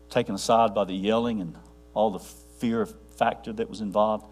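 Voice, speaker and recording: A man preaching a sermon to a congregation, rambling with restarts and dropping to a near hush for his quiet points. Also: on the low side, fairly even intonation, normal speed, a little hiss or hum. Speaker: pastor.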